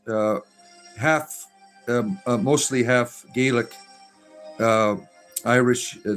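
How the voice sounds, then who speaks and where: A man's voice: medium pitch, fairly bright tone. A middle-aged man hosting a casual livestream, reading viewer comments aloud and rambling with many fillers. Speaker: livestream host reading chat.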